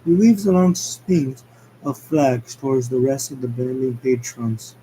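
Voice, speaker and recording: Halting man reading a script aloud. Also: medium pitch, fairly even intonation, warm tone, a little hiss or hum, poor audio. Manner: halting, stumbling over words. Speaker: script reader. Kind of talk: amateur script read-aloud.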